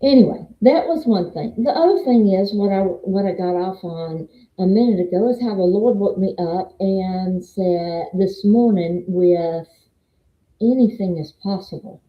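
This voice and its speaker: An older Southern woman, a faith vlogger and meeting moderator, gives a rambling, testimony-style talk about faith and quotes scripture. Her mid-range voice is unhurried, and the recording sounds roomy, dull and lo-fi.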